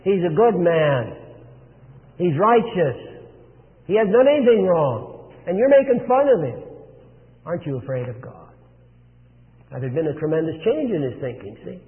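Male preacher, fairly high voice, emphatic delivery, long echo in a big room. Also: sing-song. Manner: earnest, emphatic, slows for stress. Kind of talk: sermon. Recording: phone-like, long reverb.

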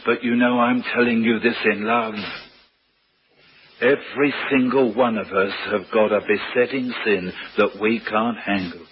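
A man's voice: fairly low pitch, fairly even intonation, unhurried, lo-fi sound, a little hiss or hum. A man from preaching a sermon, asking rhetorical questions and rising to emphatic peaks. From London.

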